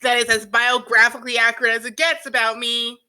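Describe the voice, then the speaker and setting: A woman's voice: on the high side, little pitch movement, fairly quick, sharp tone, low-quality recording. A woman reading the lines of a cheerful, bubbly teenage girl during a comic read-through with friends. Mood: chipper. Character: cheerful dreamy teen girl Jade.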